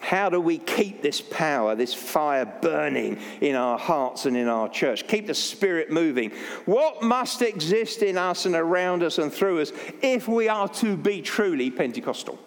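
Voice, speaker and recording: Older male pastor, animated, higher voice, joking sermon, long church echo. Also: measured pace. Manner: jokey, anecdotal, self-deprecating. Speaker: Baptist pastor.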